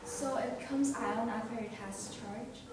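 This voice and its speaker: A woman's voice: on the high side, fairly even intonation, a little slow, darkish tone, a little hiss or hum. A young woman student asking tentative questions in a chemistry class. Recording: distant voice in echoey classroom.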